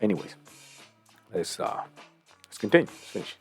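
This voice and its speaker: Brief: man, deep-ish voice, loose profane commentary, quiet music underneath. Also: sing-song, normal speed, husky. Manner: rambling, profane, chuckling often. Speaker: host reacting to a clip. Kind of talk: casual commentary.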